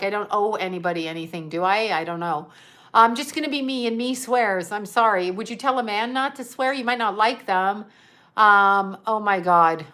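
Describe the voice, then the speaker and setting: With a fairly high, bright voice and a forceful tone, this psychic medium chats casually on a livestream. She rambles, laughs a lot, and reads viewer comments aloud as she responds to them.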